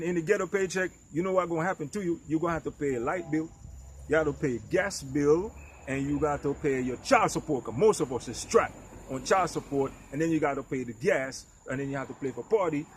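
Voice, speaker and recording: A man's voice: a little high, brisk, slight background noise. A middle-aged man giving emphatic, preachy advice straight to camera in a vlog. He keeps asking the listener if they understand, and he often stumbles and repeats words. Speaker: vlogger. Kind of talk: direct-to-camera advice rant.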